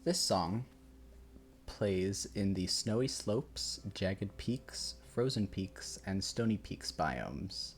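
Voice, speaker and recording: In his room at home, a laid-back man rambles and reacts in a low, animated but slow voice. Quiet game music runs in the background while he swears now and then and keeps chuckling.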